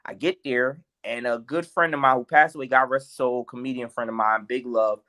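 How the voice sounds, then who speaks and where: A man's voice: mid-range voice, steady tone, fairly quick, pushed and bright. A man, a guest comedian, telling stories in a podcast interview, acting out quotes and laughing often. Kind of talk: animated storytelling in a podcast interview.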